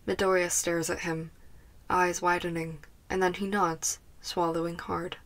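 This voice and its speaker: A woman narrates a fan fiction audiobook with a soft, even delivery. Her voice sits a little low for a woman. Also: measured pace. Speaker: podfic reader. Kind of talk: scripted narration.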